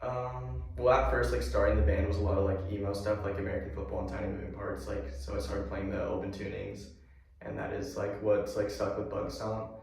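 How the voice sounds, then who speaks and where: Flat, gravelly young man, halting. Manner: hesitant, halting, low-key. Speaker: band guitarist, guest. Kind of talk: casual interview. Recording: echoey room, distant mic.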